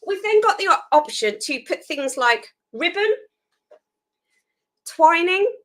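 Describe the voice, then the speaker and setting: A woman's voice: very high-pitched, very animated, slow pace, low-quality recording. A woman hosting a live food photography tutorial, chatty and self-deprecating while she works hands-on.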